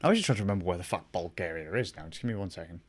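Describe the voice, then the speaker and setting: A man's voice: sits low, lively intonation, rapid-fire. A young man chatting casually with his stream viewers, rambling, swearing a lot and laughing often. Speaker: gaming streamer.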